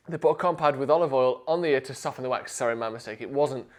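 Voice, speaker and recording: A young man hosting a casual live stream, joking and animated, sometimes rising to near shouts. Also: mid-range voice, racing, hardly any pauses.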